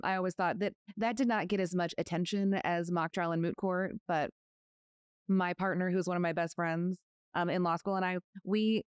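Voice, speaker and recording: A woman's voice: fairly low pitch, smooth, no room sound, clean studio sound. A woman hosting a podcast interview, telling stories in a friendly way and laughing easily. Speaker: podcast host, lawyer. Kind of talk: conversational interview.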